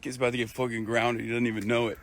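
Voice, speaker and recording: A man's voice: medium pitch, little pitch movement, racing, fairly bright tone, slight background noise. A man in his early thirties chatting casually and rambling to his stream audience. He is sick and curses freely. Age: 30s. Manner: rambling, profane, restarts and trails off. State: sick, stuffy.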